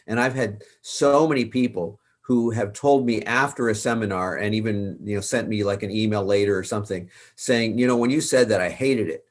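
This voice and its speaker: A man's voice: fairly low pitch, normal speed, hardly any pauses. A man, a worship leader and author, giving earnest, emphatic advice in an interview, repeating words for stress.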